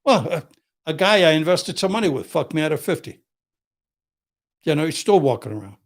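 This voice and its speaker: An older defense attorney with a rough, gravelly voice sitting slightly higher than most men's. He tells blunt, profane stories in a tough-guy manner, acting out what people said to him. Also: sing-song, a little fast. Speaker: criminal defense attorney, guest. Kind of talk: casual storytelling.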